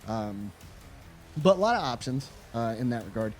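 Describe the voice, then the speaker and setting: Male co-host reviewing games, mid-pitched, relaxed and profane, rambles through his points. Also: moderate pace, over music. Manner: rambling, loose and profane, laughs often. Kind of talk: casual chat.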